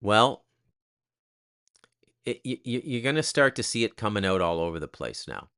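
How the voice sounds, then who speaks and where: A man with a lowish voice and a bright, cutting edge talks off the cuff in a casual commentary. He is blunt and crude, and he jabs sarcastic asides at the listener. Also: sing-song, normal speed, smooth. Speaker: host.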